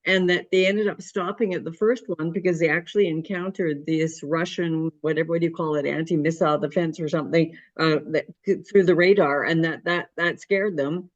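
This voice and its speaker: A woman's voice: sits low, fairly even intonation, brisk, hardly any pauses. Hesitant woman on a dull call line. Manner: hesitant, searching for words. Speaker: co-host asking questions. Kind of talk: casual conversation.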